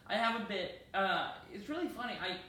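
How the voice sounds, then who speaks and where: A man's voice: high-pitched, expressive, brisk, pushed and bright, slight background noise. A man from Mexico, a stand-up comedian, chatting casually in an interview and often saying "man". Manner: laid-back, sprinkles in "man", acts out quoted bits. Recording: echoey room, distant mic.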